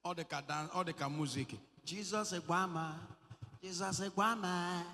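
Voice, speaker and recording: A man's voice: a little high, fairly quick, pushed and bright, slight background noise. A Nigerian man leading a healing service as a prophet, mixing English and Igbo, playful and commanding, breaking into song and laughter. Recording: hall reverb.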